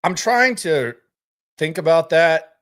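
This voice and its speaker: This man's voice sits on the high side, slow and expressive with a fairly bright tone. He's a podcast host on a relaxed sports stream, rambling along in live-stream chatter and repeating words whenever he restarts.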